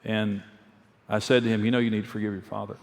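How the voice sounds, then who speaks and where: A man's voice: lowish voice, level tone, fast talker, vocal fry, darkish tone. A man preaching a conversational sermon, telling personal stories earnestly and repeating his key phrases. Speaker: pastor and marriage speaker. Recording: long reverb of a large hall.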